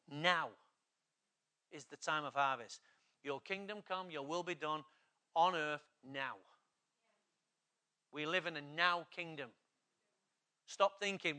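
A male pastor, preaching an urgent, exhorting sermon that builds to loud, emphatic passages. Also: fairly high pitch, slow pace, long pauses.

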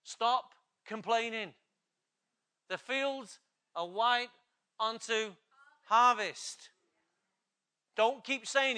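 A male pastor delivers an urgent, exhorting sermon. His voice sits high and sounds tense and forceful. He drives his points home with loud, emphatic bursts. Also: drawn-out words, pauses often, clear, resonant tone.

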